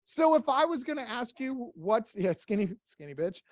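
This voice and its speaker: A blunt workshop leader speaks at a middle pitch, close and dry with little room sound. The leader keeps firing rhetorical questions at the group in a motivational talk, with casual swearing. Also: sing-song, normal speed, no room sound.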